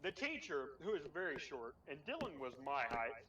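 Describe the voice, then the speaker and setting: A man's voice: a little high, moderate pace, a crowd in the background. A young man telling school stories in casual chat, swearing and laughing as he goes. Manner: animated, swearing, laughing through his stories. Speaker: storyteller. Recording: muffled, distant, crowded room.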